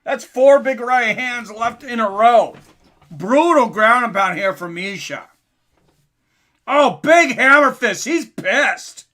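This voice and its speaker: A man doing casual live commentary on a fight for his stream chat, getting louder and more excited at big moments. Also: very high-pitched, slow.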